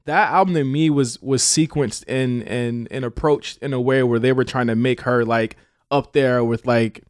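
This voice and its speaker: A man co-hosting a podcast in casual chat, animated, laughing often and restarting his sentences. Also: mid-range voice, normal speed, clean tone, no room sound, clean studio sound. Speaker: podcast co-host.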